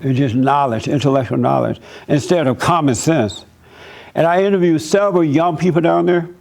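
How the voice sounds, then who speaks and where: A man giving a church talk as pastor, telling stories in an animated, preachy way. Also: on the high side, moderate pace, gravelly, soft background music.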